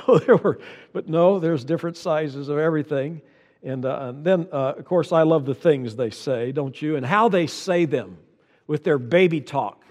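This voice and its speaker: A man's voice: fairly high pitch, a little mellow, long reverb tail. An older man preaching a sermon, folksy and anecdotal, repeating key lines for emphasis. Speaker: pastor.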